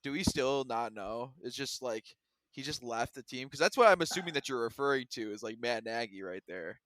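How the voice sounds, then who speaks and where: A young man co-hosting a podcast in casual chat, animated, laughing often and swearing casually. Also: mid-range voice, fairly quick, dry recording. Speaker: podcast co-host.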